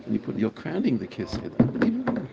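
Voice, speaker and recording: Fast-talking gravelly rabbi. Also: male voice, fairly high pitch, huge pitch swings, very noisy. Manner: enthusiastic, repeats phrases for emphasis. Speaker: rabbi teaching a Torah class. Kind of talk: casual Torah class talk. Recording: muffled recording with a crowd audible.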